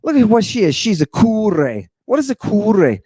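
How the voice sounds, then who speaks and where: A man giving a theatrical lecture on ancient texts, firing off rhetorical questions and dropping into hushed tones. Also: high-pitched, big pitch swings, moderate pace, slightly rough, no echo. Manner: dramatic, rhetorical questions, sudden hushed drops.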